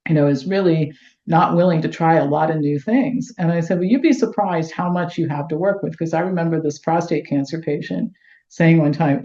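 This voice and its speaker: Middle-aged lady, lowish voice, acts out stories, echoey dull call audio. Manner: lively anecdotes, acts out dialogue. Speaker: guest, health doctor. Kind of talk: storytelling in interview. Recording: roomy, dull lo-fi sound.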